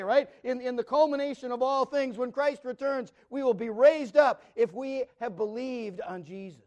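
A man's voice: extremely high pitch, moderate pace, hardly any pauses, darkish tone, lo-fi sound. A man preaching a Bible study sermon in an earnest way, repeating words and posing rhetorical questions to his listeners.

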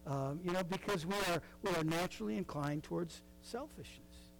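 A man's voice: high-pitched, normal speed, gravelly, slight background noise, low-quality recording. A middle-aged man preaching a sermon in a conversational way, with frequent asides and fillers. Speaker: pastor.

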